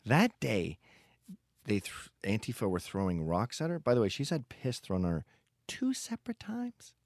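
A man's voice: lowish voice, big pitch swings, moderate pace, no room sound, studio quality. A man hosting a podcast, talking in a blunt, profane, digressive casual monologue. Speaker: podcast host.

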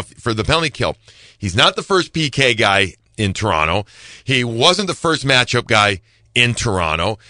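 A man's voice: medium pitch, pushed and bright, no echo. A man giving hockey analysis on a podcast, emphatic and repeating himself to stress a point. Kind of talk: podcast sports talk.

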